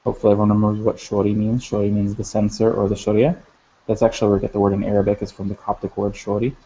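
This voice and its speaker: Man, teacher, recorded lesson, halting delivery with fillers, gravelly, dark tone. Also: on the low side, monotone, slight background noise. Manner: halting, many fillers and restarts. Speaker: language teacher. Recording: dull lo-fi sound.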